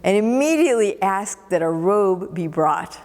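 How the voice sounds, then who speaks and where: A woman pastor delivers a sermon with expressive, storytelling emphasis, often doubling words as she builds a point. Her voice sits at an ordinary middle pitch for a woman. It carries a long reverb from a church sanctuary. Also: a little slow.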